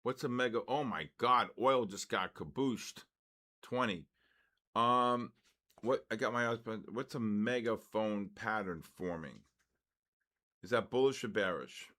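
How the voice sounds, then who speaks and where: Blunt, excitable older male trading host. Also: lowish voice. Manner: blunt, excitable, quick asides. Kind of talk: live market commentary answering chat.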